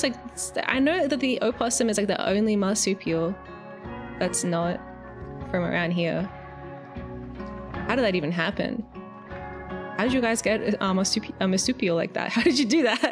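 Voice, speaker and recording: A young Australian woman chatting casually on a live stream, rambling and giggling, with the odd swear word. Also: medium pitch. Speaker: VTuber streamer.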